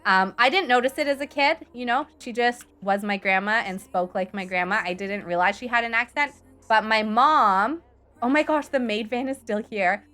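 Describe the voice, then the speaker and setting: A woman's voice: fairly high pitch, moderate pace, pushed and bright. A woman chatting casually and rambling on while she livestreams a game and answers viewers' chat. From Canada. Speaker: live streamer.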